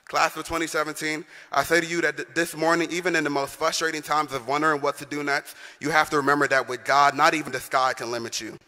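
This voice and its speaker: A man's voice: fairly high pitch, flat delivery, quick pace, few pauses, bright, forceful tone. Young man giving a rousing commencement speech. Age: young adult. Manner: rousing, calls on the audience to respond. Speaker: senior class president. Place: large arena. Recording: long echo of a big arena.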